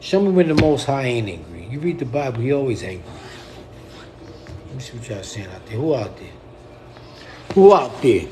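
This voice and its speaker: A man's voice: medium pitch, big pitch swings, a little fast, noisy background. Blunt, profane middle-aged man ranting. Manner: blunt, profane and repetitive, speaking to viewers. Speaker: poet and livestreamer. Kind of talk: casual livestream rant.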